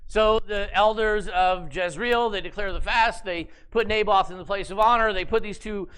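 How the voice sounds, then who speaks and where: A male pastor preaching a sermon, telling a story in an animated, conversational way with humorous asides. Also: high voice, moderate pace, clean tone.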